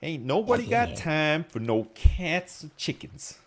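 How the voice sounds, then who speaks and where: A man streaming a game live, chatting casually with viewers, joking, swearing and telling stories with animated energy. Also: fairly high pitch, measured pace, a crowd in the background. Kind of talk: casual live-stream chat while gaming.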